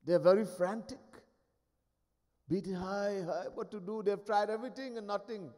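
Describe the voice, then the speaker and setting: Swami storyteller, man, somewhat high voice, acts out figures, live hall reverb. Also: moderate pace. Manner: animated, acts out each figure, chuckles often. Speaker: swami giving a discourse. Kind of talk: devotional storytelling sermon.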